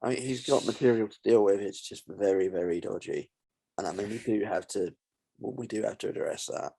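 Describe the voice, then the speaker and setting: A laid-back man guesting on a casual podcast, blunt and swearing casually. His voice is low and heavily gravelly with vocal fry. He speaks over what sounds like a video call. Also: a little fast, dark tone, a little hiss or hum.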